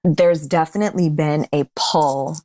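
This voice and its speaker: Woman guest on an interview show. Low voice, candid, laughs easily. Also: steady tone, unhurried, mellow. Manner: candid, laughs often, restarts mid-sentence. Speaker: podcast guest. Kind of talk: casual interview chat.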